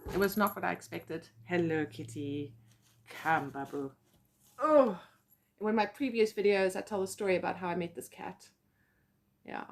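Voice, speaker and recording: A woman with a South African accent telling personal stories as a psychic medium, animated and acting out quotes. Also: medium pitch. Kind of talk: casual storytelling vlog.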